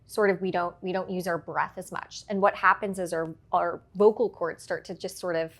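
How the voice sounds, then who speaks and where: A woman working as a public speaking coach, explaining her points clearly in an interview and often checking in with "right?". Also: on the low side, fairly even intonation, normal speed, a bit bright. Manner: articulate, explains with examples and frequent "right?". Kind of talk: instructive interview answers.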